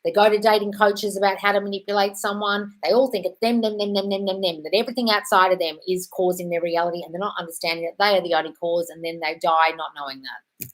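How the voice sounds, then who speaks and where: A woman's voice: lowish voice, fairly even intonation, fast talker. A young British woman hosting a casual live Q&A, blunt and swearing freely, calling listeners darling. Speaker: host answering viewer questions.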